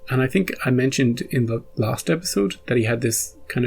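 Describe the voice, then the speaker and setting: Gravelly-voiced man musing casually. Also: medium pitch, expressive, a little fast, darkish tone. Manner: rambling, self-interrupting, chuckles often. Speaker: reaction video host. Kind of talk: casual after-episode musing.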